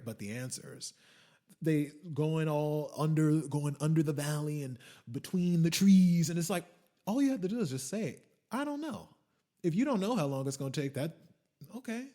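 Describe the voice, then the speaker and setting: A man hosting a podcast, telling a story as a profane rant that swings from muttering asides to shouting. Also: a little high, animated, moderate pace. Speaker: podcast host. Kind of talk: ranting monologue.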